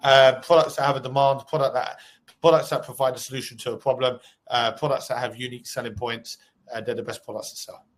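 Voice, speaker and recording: A man hosting a live online Q&A, reading out viewer questions and firing back answers. His voice sits at an ordinary, mid pitch. He talks in a hyped, sweary, pep-talk manner. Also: fairly even intonation, fast talker. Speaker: co-host.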